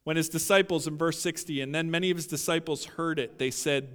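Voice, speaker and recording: A male pastor preaching a sermon, emphatic and building to loud peaks as he talks straight to his listeners. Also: on the high side, steady tone, brisk, big-room sound.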